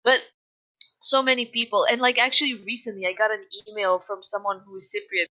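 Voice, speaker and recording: A woman's voice: mid-range voice, level tone, fairly quick, bright, forceful tone, highs cut off. A young woman chatting casually on a podcast, rambling and laughing often. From outside English-speaking countries. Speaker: podcast guest. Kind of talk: casual chat.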